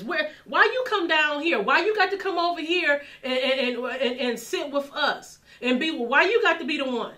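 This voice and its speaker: Bright high-voiced woman preaching passionately. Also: lively intonation, moderate pace, few pauses. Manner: passionate, building and repeating phrases. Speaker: minister. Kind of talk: sermon.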